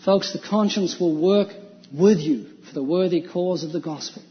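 High-voiced man preaching in reverberant hall. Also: moderate pace. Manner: emphatic, with rhetorical questions. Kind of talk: evangelistic sermon. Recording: dull lo-fi sound with long hall reverb.

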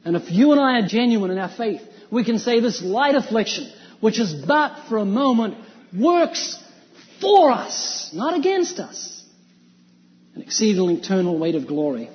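A man from New Zealand preaches with a fairly high voice, quoting scripture and briefly acting out the people in his stories. His voice rings through a large hall with a long reverb, and the recording sounds muffled and dull. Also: expressive, a little fast. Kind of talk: sermon.

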